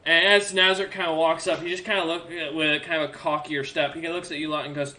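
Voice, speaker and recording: A man runs a tabletop game as game master. He narrates loosely and leans on fillers. His voice sits a bit high and sounds bright and forceful. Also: little pitch movement, fast, few pauses.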